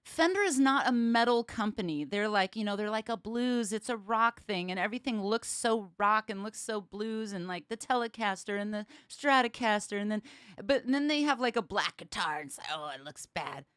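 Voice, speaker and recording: A woman hosting her own livestream as a bass player, chatting casually with viewers and laughing often. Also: moderate pace, fairly bright tone, smooth, no room sound, clean studio sound. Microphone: streaming setup with cameras.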